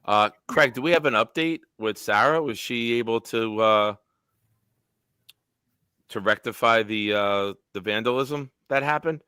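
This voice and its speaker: A man hosting a casual sports live stream, animated and joking, swearing freely. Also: on the low side, unhurried, smooth, no echo, clean studio sound. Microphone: home setup on a video call.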